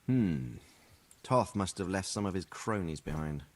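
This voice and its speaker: An actor playing a stern, dignified noble lord in a video game, speaking in a formal, measured way. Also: male voice, low voice. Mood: grave. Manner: formal, measured, expressive delivery.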